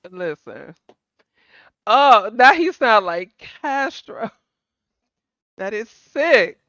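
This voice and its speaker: A woman from Texas hosts a casual chat. She gushes and gets excited, her slightly high voice leaping all over. The recording sounds dull and lo-fi. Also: drawn-out words, no room sound. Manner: excitable, gushing, laughs often. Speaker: show host.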